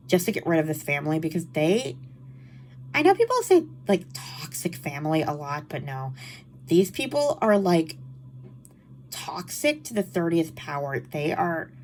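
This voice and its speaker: A woman's voice: deep voice, darkish tone, slight background noise. A woman with a nasal, allergy-stuffed voice chatting casually about books she read, full of "like" and exasperated asides. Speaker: book vlogger. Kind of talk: casual book wrap-up chat.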